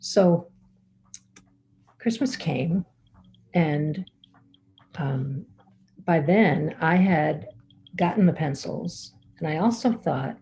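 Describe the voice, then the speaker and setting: A woman telling a personal family story to an audience, unhurried and halting, with fillers and restarts. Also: sits low, expressive, creaky, mellow, a little hiss or hum, low-quality recording.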